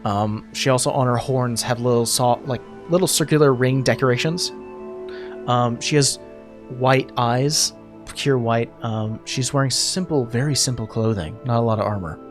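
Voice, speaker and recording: A man narrating as game master in a tabletop game, casual and halting. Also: mid-range voice, soft background music.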